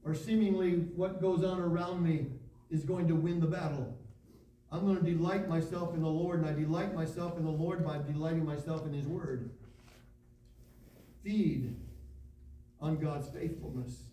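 A man with a high, ringing voice preaches a sermon. He reads scripture and drives his points home with emphatic, repeated calls. He is heard from some distance in an echoey room. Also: fairly even intonation, moderate pace, pauses often, warm tone. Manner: preaching with rising emphatic repetition, reading scripture aloud. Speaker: pastor.

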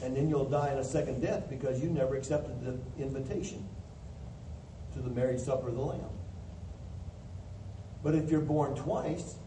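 A man's voice: medium pitch, moderate pace, long pauses. A man preaching a sermon in a church, explaining scripture in a plain, teaching way and acting out the voices he quotes. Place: church hall. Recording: echoey hall from a distance, faint hiss.

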